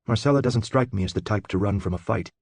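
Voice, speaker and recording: A man reading an audiobook, voicing a cold and zealous adult male schemer in a calm, clipped, dismissive tone. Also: lowish voice, fast, dry recording.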